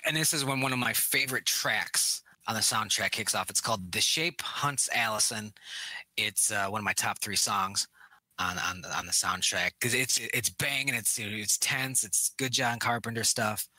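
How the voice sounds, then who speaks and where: A man's voice: lowish voice, moderate pace, pushed and bright, no room sound. A man co-hosting a casual movie review podcast, animatedly retelling scenes, acting out characters' lines and swearing freely. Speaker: podcast co-host.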